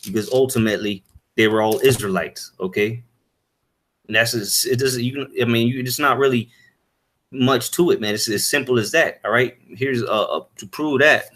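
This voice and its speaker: A man giving an informal Bible lesson, halting with many fillers and "all right?" tags, and reading verses aloud in old-fashioned wording. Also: medium pitch, fairly bright tone, a little hiss or hum. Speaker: Bible teacher. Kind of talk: informal scripture teaching.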